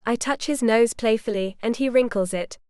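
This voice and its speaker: A woman narrating a romance audiobook in the first person, with light, steady storytelling. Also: fairly high pitch, normal speed, no echo, clean studio sound.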